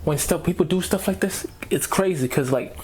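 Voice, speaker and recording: Man, reaction host, casual slangy rant, slightly high voice. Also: moderate pace, a little hiss or hum. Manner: slangy, animated, repeats himself. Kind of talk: casual ranting commentary.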